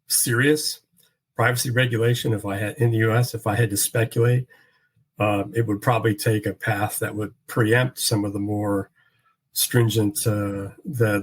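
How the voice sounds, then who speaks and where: A man speaking as a standards expert in a panel discussion, measured, with frequent fillers and restarts. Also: on the low side, rough recording.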